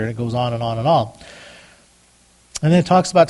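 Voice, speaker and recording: A man preaching a conversational sermon, reading scripture aloud, with frequent restarts and louder, higher bursts when voicing prayers. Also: a little fast, long pauses. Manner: rises loud and high on prayers. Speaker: pastor.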